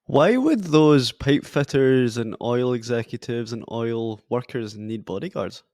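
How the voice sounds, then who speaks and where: A man's voice: mid-range voice, lively intonation, measured pace, darkish tone, no echo, clean studio sound. A man hosting a podcast interview, asking long, carefully built questions. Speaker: podcast host.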